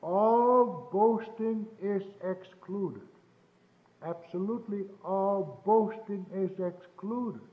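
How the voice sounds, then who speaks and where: A man preaching a sermon, emphatic and repetitive, rising to fervent peaks and pausing with fillers between points. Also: high-pitched. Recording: tinny lo-fi old sermon tape, roomy.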